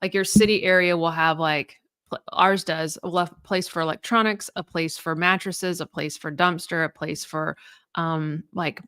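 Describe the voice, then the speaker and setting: Woman in her 30s, co-host, rambling casual talker, slightly low pitch, very dry close sound. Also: steady tone, moderate pace, fairly bright tone, clean tone, dry recording. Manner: chatty, rambling, many fillers and restarts. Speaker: podcast co-host. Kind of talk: casual chat.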